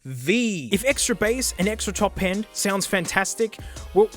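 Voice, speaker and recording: An Australian man hosting a casual gadget review, jokey and animated, full of slang. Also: high-pitched, measured pace, faint music behind. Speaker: YouTube host reviewing gadgets.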